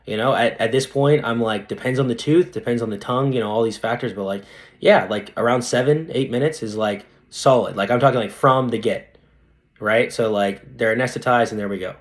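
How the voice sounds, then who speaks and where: A man's voice: mid-range voice, a little fast. A young man, a dentist guest on a podcast, chatting casually and animatedly, full of slang. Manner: animated, slangy, says dude a lot. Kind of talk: casual interview chat.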